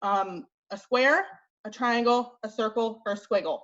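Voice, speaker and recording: A young woman fitness coach leads a motivational team call, blunt and chatty, quick with fillers and a little out of breath. Her voice is on the high side and a bit bright, with lo-fi sound.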